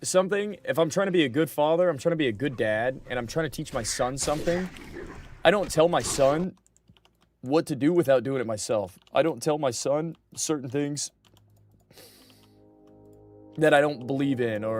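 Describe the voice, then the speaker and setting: A man's voice: mid-range voice, expressive, normal speed, darkish tone, faint music behind. Chatty male streamer talking to chat. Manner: chatty, talks back to chat, repeats himself. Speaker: livestreamer playing a game. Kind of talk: casual livestream chat.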